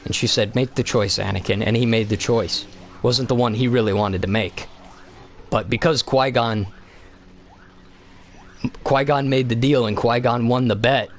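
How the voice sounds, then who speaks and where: A man streaming a game, ranting casually about a film in a rambling, excitable way with lots of swearing, from a home basement. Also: medium pitch, a little slow, pauses often, a little hiss or hum. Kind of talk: casual profane movie rant.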